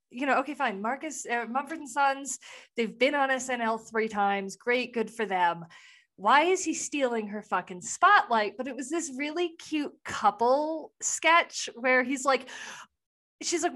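A young woman co-hosting a podcast in casual chat, swearing freely and retelling scenes with animated, laughing asides. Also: sits high, moderate pace. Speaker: podcast co-host.

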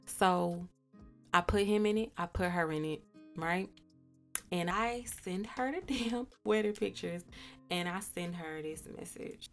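A woman's voice: fairly low pitch, a little slow, soft background music. Profane, laughing woman telling a story. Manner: animated, profane, laughs often. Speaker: podcast host. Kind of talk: casual storytelling.

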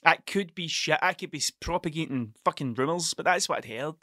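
A man's voice: fairly high pitch, fairly quick, sharp tone, dry recording, clean studio sound. A man hosting a podcast, rambling through a casual monologue, swearing freely and stumbling over his words. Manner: rambling, sweary, stuttering storyteller. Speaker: podcast host.

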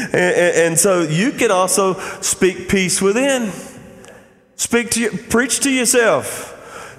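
A man's voice: high-pitched, a bit bright. Man preaching in a reverberant hall. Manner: conversational preaching, frequent "Amen?" asides. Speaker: pastor. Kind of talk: sermon.

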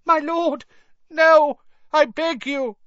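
A man voicing a short, terrified male servant who gasps and pleads in a very high, strained voice. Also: fairly even intonation, slow pace, a bit bright, dry recording, recorded from a distance, heavily acted. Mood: pleading. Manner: gasping, pleading, whimpering. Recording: dull dry lo-fi recording.

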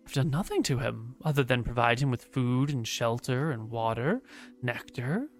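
A woman voicing a gentle, motherly female dryad who stays calm and unbothered. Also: extremely low pitch, normal speed, faint music behind. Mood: serene.

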